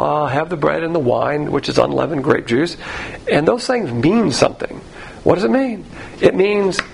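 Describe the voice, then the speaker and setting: A man's voice: a little high, gravelly, a little hiss or hum, rough recording. A man preaching a sermon as pastor, talking in a conversational, emphatic way and asking many rhetorical questions.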